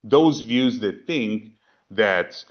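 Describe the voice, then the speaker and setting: A man's voice: on the low side, animated, extremely slow. A man giving a philosophy talk on a video call, thinking aloud with repeated words and asides. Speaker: panel presenter. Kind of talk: philosophy talk in a virtual program. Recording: dull lo-fi video call audio.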